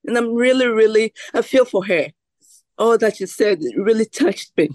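A woman calling in to a video call podcast, speaking warmly and haltingly with many pauses. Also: fairly high pitch, lively intonation. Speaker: caller, family friend. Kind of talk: casual chat on a video call.

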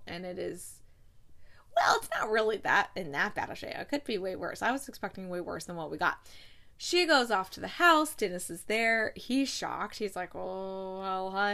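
A woman talks through a movie's plot in a loose, conversational recap. She rambles and fills pauses with fillers, dropping into quick quoted lines for the characters as she goes. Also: mid-range voice, a bit bright. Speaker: movie reviewer recapping a film. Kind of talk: casual chat recap.

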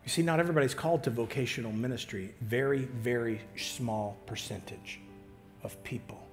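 A pastor preaching a sermon, swinging from loud emphatic lines to hushed near-whispers, with halting restarts. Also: male voice, medium pitch, soft background music.

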